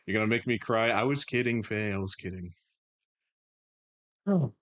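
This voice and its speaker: A man's voice: lowish voice, moderate pace, fairly bright tone, no room sound. A man hosting a live stream, chatting casually and playfully bantering with his chat and thanking viewers. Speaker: streamer host.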